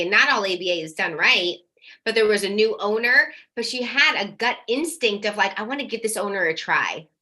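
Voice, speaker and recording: A woman coaching parents in a live workshop, talking directly and energetically, now and then acting out their worried questions. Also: medium pitch. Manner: energetic, direct, casual swearing.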